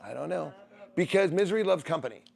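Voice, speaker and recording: A man hosting a casual livestream, reading out viewer comments in a rambling, animated way, swearing freely and laughing often. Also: a little high, quick pace, creaky, husky.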